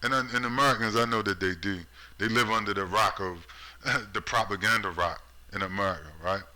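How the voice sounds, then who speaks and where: A man's voice: on the low side, a little fast, pushed and bright, poor audio. A man giving a profane, sarcastic vlog rant about politics, full of rhetorical questions. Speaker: political commentator. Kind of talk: ranting vlog commentary.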